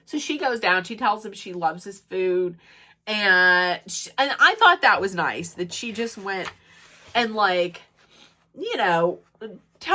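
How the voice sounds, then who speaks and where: A woman recapping a reality show episode in a gossipy, casual way, acting out the cast's quotes, with a stuffed-up nose. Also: mid-range voice. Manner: gossipy, acts out quotes in animated voices. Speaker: recap commentator.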